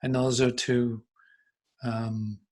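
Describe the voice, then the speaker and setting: A man teaching an online spiritual class, reading passages aloud and reflecting on them gently. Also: medium pitch, level tone, very slow.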